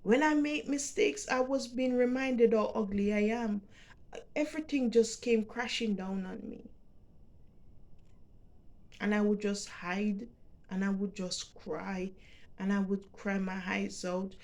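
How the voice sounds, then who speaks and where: Middle-aged Jamaican woman, vlogger, unhurried, halting and emotional delivery. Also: medium pitch, steady tone, a little mellow. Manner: halting, repeats words, emotional and heartfelt. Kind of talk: personal storytelling to camera.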